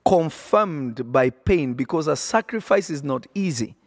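A man's voice: a little high, lively intonation, unhurried, dry recording. A man preaching on a podcast, emphatic and repetitive, often checking that listeners follow. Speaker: prophet and podcast host.

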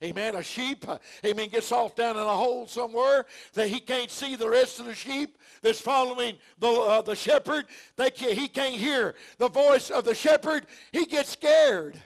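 High, gravelly-voiced preaching man. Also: moderate pace, hardly any pauses. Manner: preaching with frequent shouted lines and "uh, amen" fillers; folksy, homespun delivery. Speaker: pastor. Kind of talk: fervent televised sermon.

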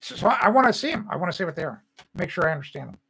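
A man's voice: sits high, big pitch swings, very fast, vocal fry, fairly bright tone, breathy edge, low-quality recording. An older man hosting a livestream, ranting angrily and repeating phrases, then reading viewer comments and answering by name. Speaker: host of a home-building show.

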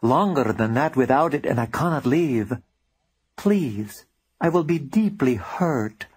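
A man's voice: medium pitch, animated, unhurried, a little mellow, husky. A man voicing a polite, theatrical male vampire in an audiobook, pleading in formal, stiff speech. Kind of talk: audiobook character reading.

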